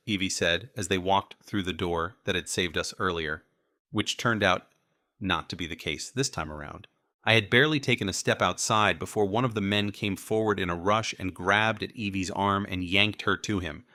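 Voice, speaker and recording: A man reading a first-person urban fantasy audiobook in a measured, steady way. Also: low-pitched, no room sound, studio quality. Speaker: audiobook narrator.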